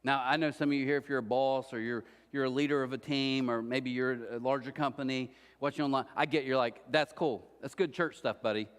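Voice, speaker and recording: A middle-aged man preaching a sermon as pastor, telling stories and acting out quoted voices with lively swings. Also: medium pitch, a little fast, few pauses, clear, resonant tone. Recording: church hall reverb.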